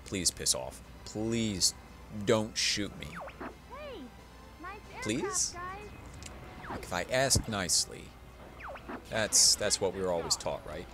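Tipsy male gamer, low voice with wide swings, profane and rambling, over game music. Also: big pitch swings, slow pace, long pauses. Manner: profane, rambling, mock-dramatic pleading. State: tipsy from drinking. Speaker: let's play gamer. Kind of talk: casual let's play commentary. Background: video game music.

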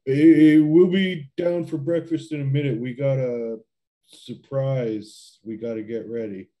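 A man's voice: mid-range voice, fairly even intonation, takes it slowly, dark tone, lightly acted, poor audio. A man voicing a rattled teenage boy in a tabletop game, stammering as he tries to reassure a friend. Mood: anxious. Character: rattled teenage boy trying to stay calm.

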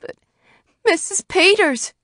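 A woman reading the part of an earnest farm neighbor woman in a story, in a gentle voice. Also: on the high side, lively intonation, normal speed, creaky, dry recording, clean studio sound. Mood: alarmed. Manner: gentle, then urgent.

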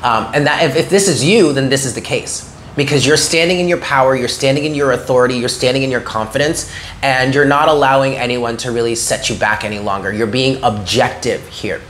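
This tarot reader is a man of medium pitch whose fairly bright voice moves at a fairly quick clip, with slight noise in the background. His tone is earnest and encouraging, and he keeps asking the listener "okay?"

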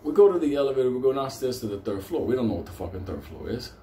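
A man's voice: medium pitch, very fast. A man telling a casual story, swearing constantly and laughing as he goes. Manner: animated, swears constantly, laughs through the tale. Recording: roomy echo with faint noise.

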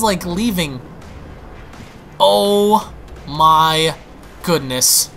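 A young man giving excitable, panicky gameplay commentary, stammering and restarting as he plays. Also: fairly high pitch, normal speed, slight background noise. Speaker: gaming YouTuber.

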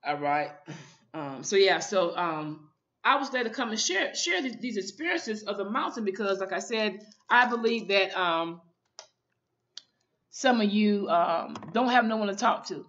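A woman's voice: mid-range voice, a bit bright, lo-fi sound. A woman minister giving an informal online sermon, fervent and often repeating her calls to the listener.

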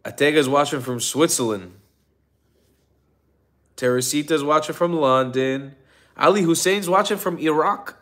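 A man's voice: fairly high pitch, unhurried, pauses often, fairly bright tone. A tired man hosting a casual livestream, rambling with restarts and greeting viewers from the chat by name. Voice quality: rambling, with restarts and frequent ums. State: tired, yawning. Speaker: livestream host.

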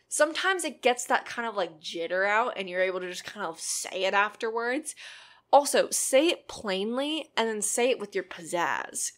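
Woman, mid-pitched, casual rambling chat as a YouTube creator giving encouraging tips. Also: animated, normal speed, a bit bright. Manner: chatty and rambling with many ums and likes; earnest, encouraging advice. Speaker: YouTube creator answering viewer questions.

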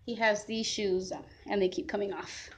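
A woman's voice: mid-range voice, flat delivery, moderate pace. A woman filming a casual family vlog at a park, chatting with her kids and laughing often as she narrates. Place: outdoors at a park and walking home. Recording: noisy outdoor camera recording. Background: outdoor ambience.

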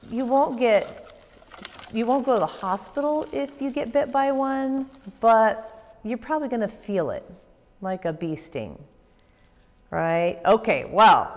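Lively woman teaching kids. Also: mid-range voice, takes it slowly. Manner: upbeat, expressive storytelling to children. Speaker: children's pastor. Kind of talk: kids' church lesson to camera. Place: church. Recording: echoey room with long reverb.

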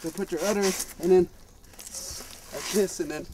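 A man playing an overblown wildlife explorer in a comedic mock nature documentary, talking with excitable bravado outdoors in the brush. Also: high-pitched, moderate pace, slight background noise. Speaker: spoof wildlife explorer host.

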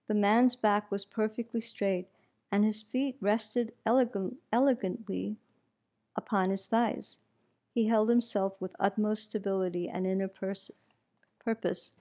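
A woman meditation teacher reading a story aloud in a calm, measured way. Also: medium pitch.

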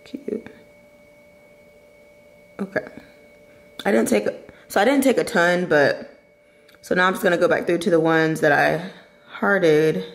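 Her voice is fairly low-pitched and a little slow, with vocal fry and frequent pauses, and the audio is poor. A young woman vlogging at home and later at a restaurant, she chats casually to viewers and laughs a lot.

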